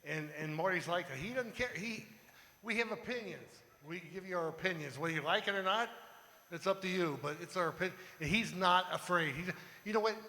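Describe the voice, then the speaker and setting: A man's voice: high voice, a little fast, sharp tone, in a large hall. A man speaking plainly and earthily to an audience as host. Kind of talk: casual remarks to an audience.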